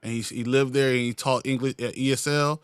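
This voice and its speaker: A man's voice: mid-range voice, steady tone, a little fast, clear, resonant tone, no echo. A man co-hosting a livestream in a loose, joking casual chat, reading viewer comments aloud. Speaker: livestream co-host.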